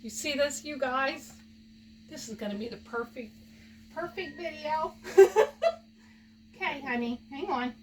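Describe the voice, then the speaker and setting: Gushing high-voiced woman. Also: moderate pace, recorded from a distance, background noise. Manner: gushing, laughs often, talks to her pig in baby talk. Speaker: pet owner opening gifts from fans. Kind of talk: casual home video chat.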